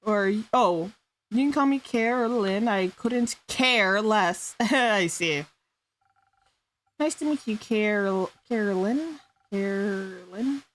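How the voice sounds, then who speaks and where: A woman's voice: medium pitch, animated, slow, a bit bright, a little hiss or hum. A woman streamer doing giggly, playful improvised role-play, stumbling over made-up fantasy names.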